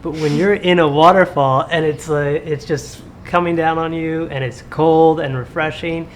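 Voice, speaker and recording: A man co-hosting a casual chat, relaxed and agreeable, often answering with a quick "right". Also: a little high, slight background noise. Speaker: co-host.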